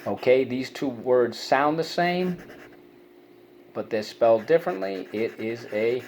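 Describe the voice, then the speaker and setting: A man teaching a spelling lesson, encouraging and sounding out syllables slowly. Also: mid-range voice, expressive, a little mellow.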